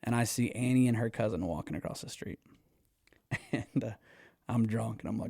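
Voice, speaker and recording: A man, telling stories as a podcast guest in an animated way, swearing freely and laughing often. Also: medium pitch, a little fast, creaky, no room sound, clean studio sound. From Texas. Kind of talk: casual storytelling.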